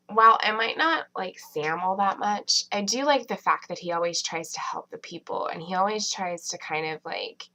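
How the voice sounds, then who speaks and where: A woman's voice: fairly low pitch, bright, forceful tone, poor audio. A woman reviewing a TV episode in a casual, rambling way, full of fillers and restarts. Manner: chatty, many fillers and restarts.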